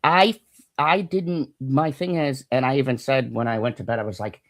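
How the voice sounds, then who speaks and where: Animated swearing man reviewing a show. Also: mid-range voice, moderate pace. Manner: animated, swearing, laughs often. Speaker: podcast co-host. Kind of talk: casual review chat.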